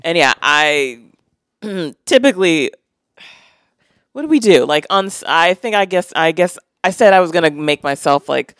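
A woman co-hosting a podcast, chatting casually and telling stories haltingly with fillers. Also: lowish voice, animated, a bit bright, clear, resonant tone, dry recording, clean studio sound. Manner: halting, hesitant storytelling with fillers. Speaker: podcast co-host. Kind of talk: casual chat.

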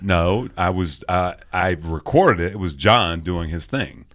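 A man in his forties co-hosting a podcast, chatting casually over beers, joking, laughing loudly and swearing a lot. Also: low voice, lively intonation, a little slow. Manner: loud laughing, profane, jokey. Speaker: podcast co-host.

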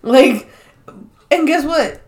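A woman's voice: high-pitched, extremely slow. Swearing woman recapping a movie. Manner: animated storytelling, heavy swearing. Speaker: podcast co-host. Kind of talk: casual chat recapping a film.

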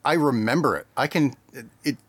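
A man's voice: medium pitch, a little fast, fairly bright tone, dry recording. A man co-hosting a podcast, chatting casually with short reactions and jokes. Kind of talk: casual chat.

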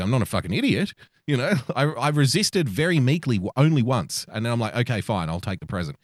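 A man's voice: mid-range voice, a little fast, dry recording, clean studio sound. Sweary Australian man telling a story. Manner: animated storyteller, swears freely. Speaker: podcast co-host. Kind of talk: casual chat on a live stream.

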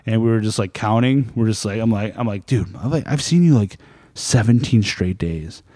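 A man's voice: fairly low pitch, normal speed, darkish tone, no echo. A man, a store manager, telling rambling stories with frequent laughter in casual chat.

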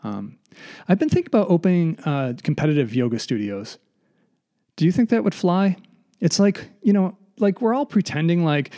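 Warm and fairly high in pitch, the man's voice moves at a moderate pace with lively intonation. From a basement room he runs a one-man comedy podcast, self-deprecating and digressive, breaking into mock voices while slightly out of breath.

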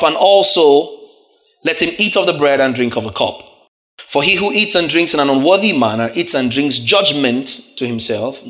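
A man's voice: on the high side, fairly bright tone. A man preaching a sermon, reading scripture verses aloud and explaining word meanings, often checking in with the congregation through questions.

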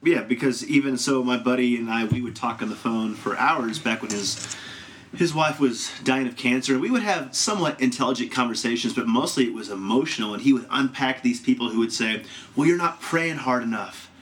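Animated man hosting a casual discussion. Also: medium pitch, slight background noise. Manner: animated, swears freely, quick interjections. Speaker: podcast host and moderator.

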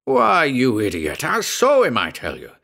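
A man voicing a weathered old sea captain, gruff and brooding, in a spoken story. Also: low voice, normal speed. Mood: agitated.

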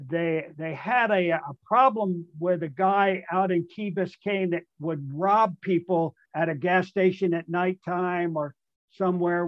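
Over muffled call audio, a retired ballplayer guest, an older man, spins a storytelling anecdote that rambles and amuses himself, packed with fillers and restarts. His voice is on the high side and the recording is dry.

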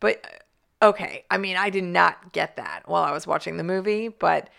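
A woman co-hosting a casual movie chat, animated, laughing often, with many fillers. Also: on the low side, moderate pace, gravelly. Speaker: podcast co-host.

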